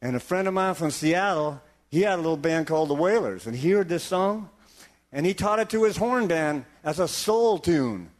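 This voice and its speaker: A man's voice: a little high, animated, moderate pace. An older man on a live stage, telling the story behind his song in a folksy, joking way. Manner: folksy, joking, self-deprecating. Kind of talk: casual onstage storytelling.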